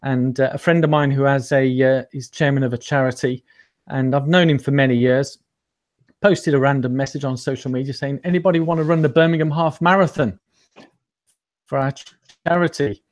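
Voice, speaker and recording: A man's voice: mid-range voice, steady tone, fairly quick. A man telling his story as an interview guest in a rambling, self-deprecating way, with many ums and restarts. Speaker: interview guest, amateur runner. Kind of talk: casual storytelling chat.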